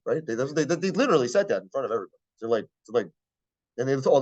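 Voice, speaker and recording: A man's voice: mid-range voice, very animated, racing, a little mellow, slightly rough, dull audio. A man giving a casual classroom lecture, blunt and profane, who keeps checking whether the class understands.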